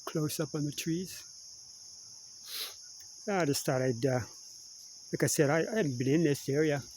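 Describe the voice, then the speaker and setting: A man's voice: fairly high pitch, a little slow, a little mellow, a little hiss or hum, low-quality recording. Chatty middle-aged Canadian man. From Kingston, Ontario, Canada. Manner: chatty, laughs often, says "eh". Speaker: vlogger. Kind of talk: casual rambling vlog. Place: outdoors in a wooded patch.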